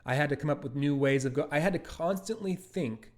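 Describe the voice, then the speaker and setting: A man, the creator of an animated series, talking casually as an interview guest and rambling with many fillers and restarts. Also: on the high side, brisk.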